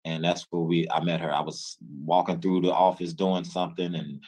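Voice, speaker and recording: A man from Memphis, telling his story as an interview guest, acting out dialogue with halting restarts. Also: low-pitched, little pitch movement, darkish tone, low-quality recording. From Memphis, USA. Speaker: interview guest, music executive.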